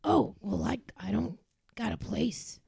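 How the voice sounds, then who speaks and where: A woman improvising a sneaky, hungry demon with a Boston accent who talks in raspy whispers and dodges questions. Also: sing-song, unhurried, warm tone, no room sound, clean studio sound, exaggerated voice. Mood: evasive. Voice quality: gravelly, breathy whispering. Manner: evasive, defensive, drops into low hissing whispers. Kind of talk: improv comedy.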